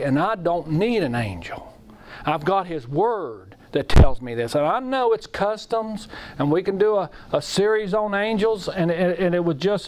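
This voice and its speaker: A middle-aged man preaches with a high-pitched voice. He speaks earnestly and with feeling, often repeating his lines and reading scripture aloud. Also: darkish tone. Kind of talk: sermon.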